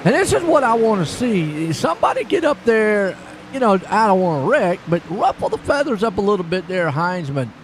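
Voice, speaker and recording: A high, lively male voice calls a virtual stock car race in a folksy, excitable way. Engine noise runs under his words, and he swings between chatty asides and sudden bursts of surprise. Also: normal speed, hardly any pauses. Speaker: sim racing commentator. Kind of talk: live race commentary. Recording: noisy stream with car engine sound.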